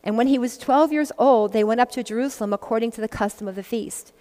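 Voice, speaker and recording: A woman's voice: a little high, fast talker, dark tone. Giggly woman teaching scripture, echoey room. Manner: chatty and giggly, laughs between verses. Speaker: Bible study teacher. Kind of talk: casual Bible teaching, reading scripture with commentary. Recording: long echoey reverb.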